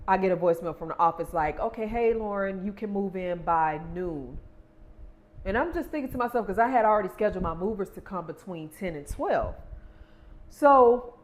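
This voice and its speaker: A young adult woman vlogging, casually retelling a stressful moving story and acting out the quoted exchanges. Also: mid-range voice.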